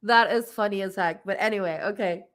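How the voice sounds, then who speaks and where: A woman's voice: mid-range voice, a little fast, fairly bright tone. A woman hosting a spiritual livestream, chatting casually and giggling often, with lots of fillers. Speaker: livestream host and spiritual reader.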